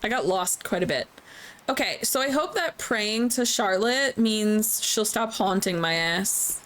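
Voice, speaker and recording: A woman's voice: medium pitch, animated, unhurried, a bit bright. A woman streaming a game, chatting casually, laughing often and swearing freely. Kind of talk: casual let's play commentary. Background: faint game music.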